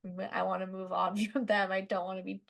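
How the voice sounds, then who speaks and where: A woman from Southern California, a guest musician telling stories on a casual podcast, animated and full of fillers. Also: medium pitch, brisk, vocal fry. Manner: chatty, animated, lots of "like", laughs while telling stories.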